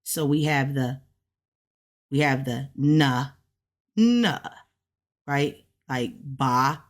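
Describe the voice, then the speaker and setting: A woman learning a language who casually walks through her study notes, chatty and relaxed, often checking in with "right?". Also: on the low side. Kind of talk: casual step-by-step explanation.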